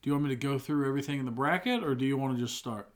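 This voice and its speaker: A man co-hosting a casual podcast, arguing his picks in an animated way and sometimes breaking into loud protests. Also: mid-range voice, very fast. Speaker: podcast co-host. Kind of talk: casual chat.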